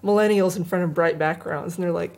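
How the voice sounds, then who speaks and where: A woman's voice: lowish voice, fairly even intonation, a little fast, a little mellow. A woman co-hosting a tech news show in casual chat, joking and playful.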